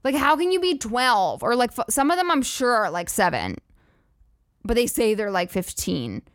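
A woman's voice: a little high, sing-song, normal speed, dry recording, clean studio sound. A young woman hosting a podcast, ranting casually with sarcastic, profane, rambling asides. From United States. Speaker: podcast host. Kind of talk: casual comedic rant.

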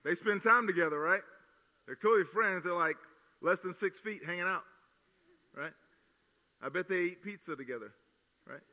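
Southern male pastor, bright and forceful voice, joking with the crowd, big hall reverb. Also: sits high, moderate pace, pauses often. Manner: jokey, teasing, energetic with crowd. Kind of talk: playful sermon with audience demo. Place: large hall at student gathering.

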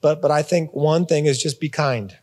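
A man's voice: fairly high pitch, fairly even intonation, normal speed, a little mellow, long reverb tail. A man giving a conversational sermon as a pastor, repeating words and adding informal asides. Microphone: phone or portable device.

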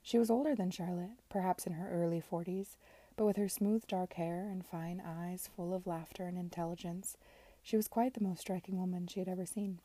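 A woman reading a novel aloud in a soft, measured manner. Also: fairly low pitch, fairly even intonation, no echo. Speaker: reader.

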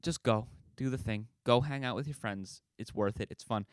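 A man's voice: mid-range voice, normal speed, no echo. A man hosting a casual solo podcast, rambling and self-deprecating, swearing casually as he talks. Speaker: podcast host.

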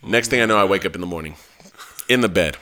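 A man's voice: deep voice, fast talker. A man on a podcast telling a long, laughing, profanity-filled story in a casual way. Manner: animated, swears a lot, laughs while telling. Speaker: podcast host.

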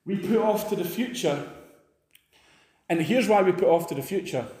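Male preacher, emphatic, high-pitched, echoey church, rousing sermon delivery. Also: lively intonation, moderate pace, a little mellow.

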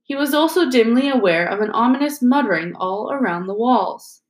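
A woman narrating an audiobook in a steady storytelling manner. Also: fairly high pitch, moderate pace. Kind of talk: audiobook reading. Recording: roomy echo.

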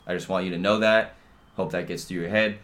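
A young man hosting a podcast, ranting alone in a profane, rambling way. He leans on slang fillers and swings between low mutters and loud outbursts. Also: steady tone, brisk. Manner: profane, rambling, heavy on "dude" and "bro" fillers. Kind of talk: casual ranting monologue.

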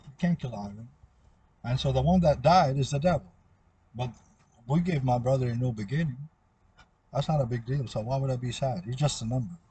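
Male speaker, husky and dark in tone, meandering solo monologue, circles back on itself. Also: medium pitch, brisk. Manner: meandering, repetitive, trails off. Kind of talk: rambling spoken monologue.

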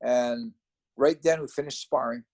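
A man casually recounting how he started fighting, in a reflective, halting, conversational way. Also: mid-range voice, creaky, a little mellow, breathy edge. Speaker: former fighter recounting his career. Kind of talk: casual storytelling.

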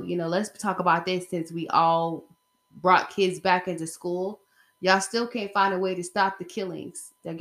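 A woman's voice: fairly low pitch, fairly bright tone. A woman talking in a casual opinion vlog, rambling and emphatic as she speaks straight to her viewers. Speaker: vlogger.

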